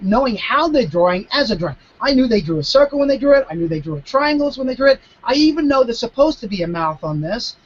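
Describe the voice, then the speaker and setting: A man in his fifties, a mentalist guest, explaining his craft in a live video Q&A with emphatic, animated storytelling and frequent restarts. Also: sits high, muffled recording. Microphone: video call.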